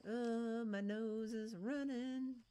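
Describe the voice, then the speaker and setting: A woman's voice: on the high side, steady tone, very slow, dark tone, clear, resonant tone. Chatty woman streamer thinking aloud. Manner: playful, adds silly sound noises; coos affectionately at game creatures. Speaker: streamer playing a video game. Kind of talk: casual live-stream commentary.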